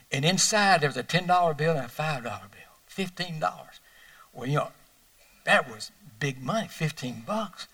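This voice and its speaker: An older man preaching a sermon, telling folksy personal stories that swing between loud emphasis and hushed moments. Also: fairly high pitch, animated, normal speed, recorded from a distance, low-quality recording. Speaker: pastor.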